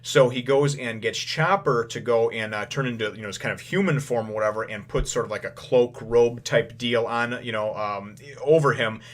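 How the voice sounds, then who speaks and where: Rambling man recapping a manga chapter. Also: medium pitch. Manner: rambling, full of filler phrases; acts out lines in quick paraphrase. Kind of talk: casual first-impressions recap.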